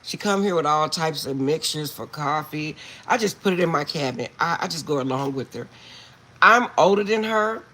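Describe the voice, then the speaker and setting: A middle-aged woman talks casually to her viewers from home, recorded on a phone, breaking into laughter as she tells a story. Her voice sits a little low and sounds husky. Her pitch swings up and down all over the place. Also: animated, normal speed, pushed and bright. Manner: laughs often while telling a story. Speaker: card reader. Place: at home, indoors.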